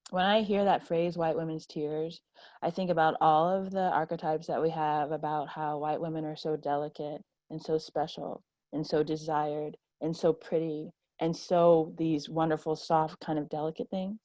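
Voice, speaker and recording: Low-voiced woman panelist, dry sound. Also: fairly even intonation, normal speed, a little mellow, no room sound. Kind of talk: roundtable discussion.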